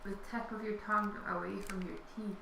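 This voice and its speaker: A woman's voice: medium pitch, fairly even intonation, brisk, vocal fry, distant mic. A woman co-hosting a live stream, chatting casually and giggling as she reads out viewer comments. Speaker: co-host reading chat. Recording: echoey room with background noise.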